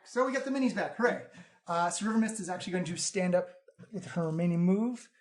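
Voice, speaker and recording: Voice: mid-range voice, animated, fast talker. Game master narrating a dice game. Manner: narrates action and calls for dice checks. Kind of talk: running a tabletop game. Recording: roomy table recording with clear background noise.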